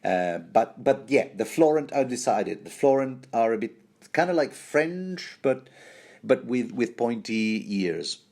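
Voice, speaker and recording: A man's voice: medium pitch, expressive, unhurried, darkish tone. A man hosting a rambling, jokey book commentary, often stumbling and restarting mid-sentence.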